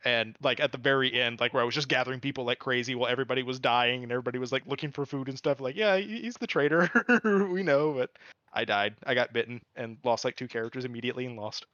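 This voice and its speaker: A man's voice: mid-range voice, fast talker, pushed and bright, dry recording, muffled recording. A man streaming and chatting casually, explaining a game in long rambling runs full of fillers. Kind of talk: casual chat.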